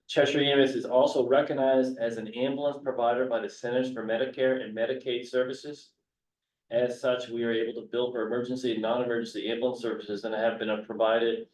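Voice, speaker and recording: A man's voice: medium pitch, darkish tone. A man serving as county commissioner at a public meeting, rambling with restarts and reading statute text aloud. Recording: echoey, dull, distant room recording with faint hum.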